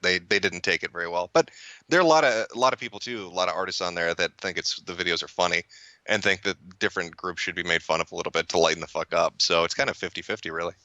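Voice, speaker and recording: Man, low voice, very bright and sharp, cursing casual chat, dry mic. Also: no echo. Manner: rambling, profane, frequent restarts. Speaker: internet video commentator.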